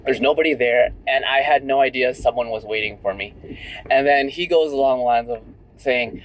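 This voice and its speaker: A man's voice: medium pitch, moderate pace, low-quality recording. A young man talking candidly in a casual vlog while driving, full of "like" and "right?". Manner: chatty and candid, many fillers like "like" and "right?". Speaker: vlogger.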